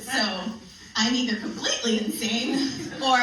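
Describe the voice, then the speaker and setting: A woman giving a playful, animated comedic talk at a live event, laughing often as she tells her story. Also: a little high, moderate pace, crowd noise. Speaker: spiritual comedian and speaker. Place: live benefit event hall. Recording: echoey hall, mic from a distance, faint noise.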